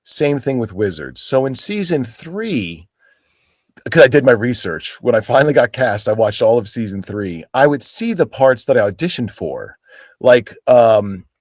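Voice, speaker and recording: A man's voice: medium pitch, big pitch swings, normal speed, no echo, clean studio sound. A man from Pennsylvania, an actor as a guest, telling stories in a casual interview and acting out quoted lines in voices.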